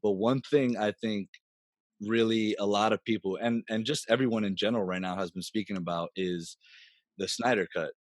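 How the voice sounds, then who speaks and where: A man hosting a podcast, relaxed and curious as he puts questions to his guest. His voice sits fairly low and sounds dry and close, with no room around it. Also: normal speed, dry recording. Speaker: podcast host. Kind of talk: casual podcast chat.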